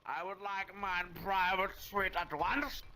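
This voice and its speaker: Casting: man doing a haughty aristocrat, high voice, slow drawn-out delivery. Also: little pitch movement, sharp tone, a little hiss or hum, heavily acted. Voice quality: haughty, archaic speech. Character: pompous self-important rich man demanding titles. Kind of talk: game voice chat role-play.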